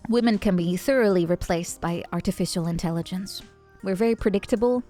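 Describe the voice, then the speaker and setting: A young woman from the Netherlands, chatting playfully with her stream chat and often jumping into high squeals. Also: fairly quick, faint music behind. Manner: playful, animated, jumps to squeals. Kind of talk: casual chat with chat.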